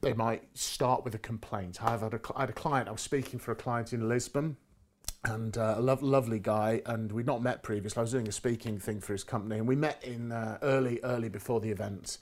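A man's voice: medium pitch, fairly even intonation, brisk, darkish tone. A middle-aged man in casual conversation who tells stories from his sales career and acts out the quoted lines with rising and falling inflection. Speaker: guest speaker on negotiation.

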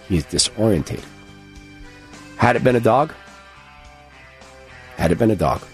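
A man hosting a radio show, telling a personal story in an earnest, halting way and acting out the dialogue. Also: on the low side. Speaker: radio host.

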